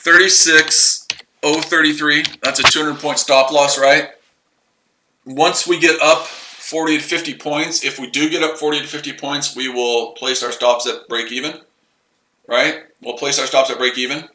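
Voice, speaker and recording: A man's voice: on the high side, fairly even intonation, moderate pace, echoey room, noisy background. A man hosting a casual live trading stream, rambling and repeating himself as he explains his trades. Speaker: trading livestream host.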